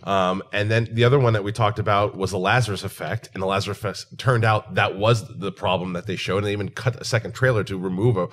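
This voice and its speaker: A man co-hosting a casual movie chat, his voice low. He rattles through his points at speed in a matter-of-fact way. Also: fairly even intonation, fast talker, hardly any pauses, a bit bright, slight background noise. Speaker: co-host.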